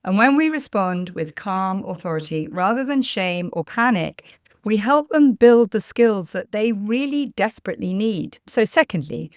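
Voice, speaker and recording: Calm woman coaching parents. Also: mid-range voice, clean tone, dry recording, studio quality. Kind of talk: scripted talk to camera.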